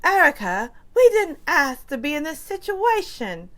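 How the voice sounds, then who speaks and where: A woman's voice: sits high, very animated, unhurried, pitched above the performer's own voice. A woman impersonating a haughty socialite who fakes a British accent in a prim, defensive way.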